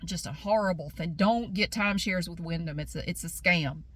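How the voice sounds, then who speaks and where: A woman's voice: lowish voice, normal speed, a bit bright, no room sound. A woman telling a personal story on her vlog, blunt and indignant, repeating herself for emphasis. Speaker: vlogger.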